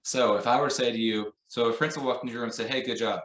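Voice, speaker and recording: A man's voice: medium pitch, fairly even intonation, racing, fairly bright tone, reverberant, low-quality recording. A man training teachers in a conversational way, illustrating points with examples and quoted phrases. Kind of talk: professional development lesson.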